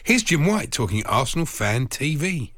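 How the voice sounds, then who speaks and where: A man's voice: a little high, big pitch swings, normal speed, a bit bright, dry recording, studio quality. A man co-hosting a radio sports talk show, chatting in an easygoing way and often chuckling. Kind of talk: casual radio banter.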